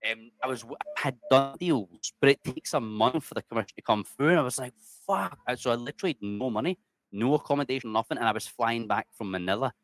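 Quick and a bit bright at medium pitch, a middle-aged Scotsman tells stories as a guest in a relaxed interview. He's chatty, swears openly, and leans heavily on "mate." No room sound.

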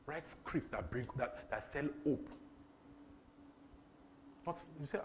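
Animated Nigerian preacher man. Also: medium pitch, slow pace, a little hiss or hum. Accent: Nigerian English. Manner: animated, repetitive, breaks into laughter and pidgin. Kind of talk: sermon.

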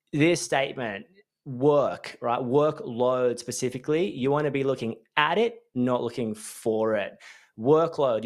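Upbeat Australian man rambling on a podcast. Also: mid-range voice. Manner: chatty, rambling, upbeat, self-correcting. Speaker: business coach and podcast host. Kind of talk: casual solo podcast talk.

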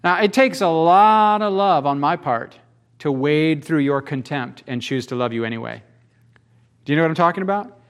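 A male pastor delivering a sermon in an easygoing, folksy manner. His voice sits somewhat high for a man, and he keeps checking in with rhetorical questions. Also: moderate pace, clean tone.

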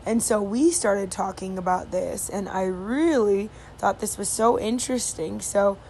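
A woman's voice: mid-range voice, measured pace, a little mellow. A woman telling a story in casual chat, rambling with many fillers and restarts, over faint background noise.

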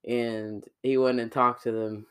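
A man's voice: mid-range voice, level tone, unhurried, smooth. A young man chatting casually on camera, rambling with lots of fillers and teasing his friend.

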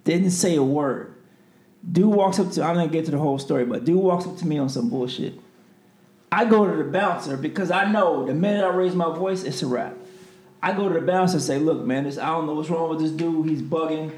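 A man with a somewhat high voice tells stories in a relaxed chat. He is animated and acts out the people he quotes. The room around him is echoey. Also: fairly quick. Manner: animated, swings between voices when quoting people. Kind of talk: casual storytelling chat.

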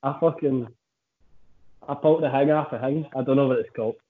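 A man's voice: medium pitch, a little fast. A man chatting casually as a podcast co-host, swearing and teasing his friend. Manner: sweary, teasing, laughing banter. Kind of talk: casual chat. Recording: tinny phone-like line.

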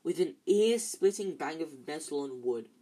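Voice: medium pitch, lively intonation, moderate pace, dark tone. An amateur reader, tired, reading a novel aloud with frequent slips and restarts. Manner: stumbles and restarts often, tired.

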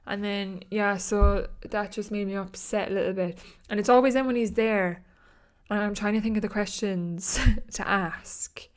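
A woman's voice: mid-range voice, steady tone, moderate pace. A young Irish woman in her twenties talking in a loose, casual chat. She rambles and fills her sentences with "like", breaking into short laughs as she goes. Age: 20s. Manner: chatty and rambling, peppered with "like", laughs often.

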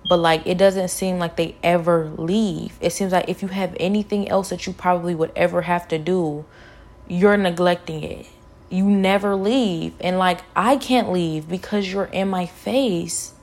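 A young woman tells a personal story with fervent, repetitive insistence. Her voice sits a little low, and she scatters "like" through her speech as she talks. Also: fairly even intonation, a little slow, darkish tone. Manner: fervent, repeats phrases, many "like" fillers. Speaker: vlogger sharing a personal testimony.

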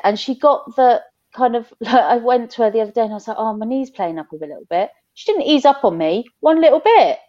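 A woman's voice: medium pitch, darkish tone, lo-fi sound. A woman in her thirties, chatting openly as a podcast guest and telling stories with laughter. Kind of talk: casual chat.

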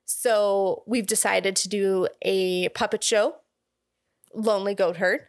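A woman's voice: mid-range voice, fairly even intonation, slow, no room sound, studio quality. A young woman co-hosting a podcast, chatting casually and laughing as she recaps a film's plot with asides. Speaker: podcast co-host. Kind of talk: casual chat recapping a film.

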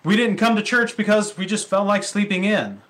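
A man's voice: sits high, moderate pace, a bit bright. A male pastor preaching a sermon in a conversational way, with rhetorical questions and casual asides.

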